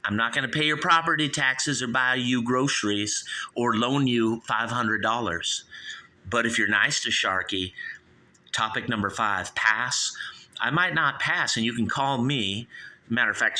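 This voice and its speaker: A man's voice: on the low side, measured pace, pushed and bright. A man hosting his own call-in show, rambling through a comic monologue, acting out both sides of made-up chats and plugging the phone number again and again. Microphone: studio microphone.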